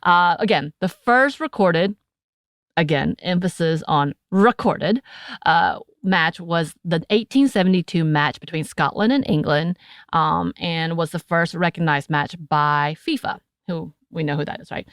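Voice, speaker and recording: A woman's voice: fairly low pitch, a little slow, dry recording, clean studio sound. An American woman co-hosting a podcast, chatting casually with playful asides and frequent laughter. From United States. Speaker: podcast co-host.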